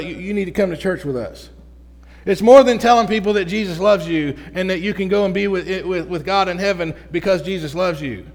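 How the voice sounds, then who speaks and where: Man, high-pitched voice, lively sermon, conversational preaching, long hall reverb. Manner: energetic, conversational preaching with repeated restarts. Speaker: pastor.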